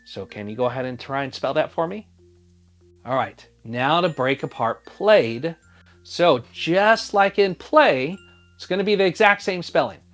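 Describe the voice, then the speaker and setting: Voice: medium pitch, expressive, measured pace, soft background music. A teacher giving a phonics spelling lesson for young children, sounding out each letter patiently and asking the listener to spell along.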